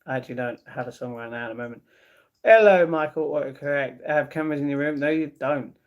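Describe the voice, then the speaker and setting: A man hosts a laid-back livestream, reading out viewer comments and answering them in an easygoing way. His voice is fairly high and he talks fast.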